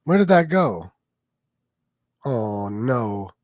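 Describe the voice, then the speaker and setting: A man's voice: mid-range voice, big pitch swings, extremely slow, a little mellow, dry recording, studio quality. A man hosting a casual livestream, telling stories and talking in a blunt, profane way while answering his chat. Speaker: livestream host reading chat.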